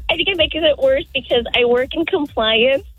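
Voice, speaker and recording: A woman's voice: high voice, moderate pace, phone-quality sound. A woman calling in to a radio show from her car on speakerphone, chatting casually and laughing easily. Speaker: caller. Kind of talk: casual chat on the phone. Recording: caller on speakerphone in a car, faint music bed.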